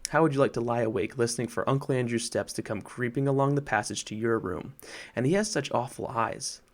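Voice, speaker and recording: A man's voice: mid-range voice, fairly quick, lightly acted. A man voicing a miserable, wound-up young boy in a storybook reading, close to his own voice. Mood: secretive.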